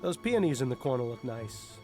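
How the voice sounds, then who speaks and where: An actor voicing an easygoing, joking detective partner in a game, speaking in a wry, jokey way. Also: male voice, medium pitch, big pitch swings, a little fast, a little mellow, faint music behind. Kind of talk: voiced game dialogue.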